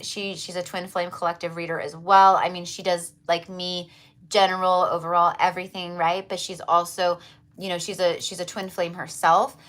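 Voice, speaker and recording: A woman's voice: on the low side, fairly bright tone. A woman hosting a tarot livestream, chatting casually and effusively to her viewers with lots of fillers and repeats.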